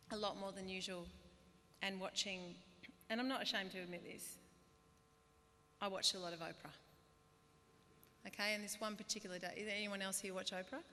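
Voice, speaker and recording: An Australian woman in her thirties giving a humorous, self-deprecating graduation speech, now and then bursting into loud put-on voices. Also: mid-range voice, a little hiss or hum. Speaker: guest speaker. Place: large hall. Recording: reverberant hall, faint ambience.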